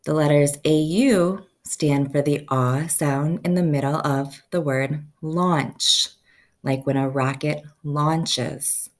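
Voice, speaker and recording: A woman teaching a first-grade phonics lesson, slowly stretching out each sound so children can say the words with her. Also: low voice, steady tone.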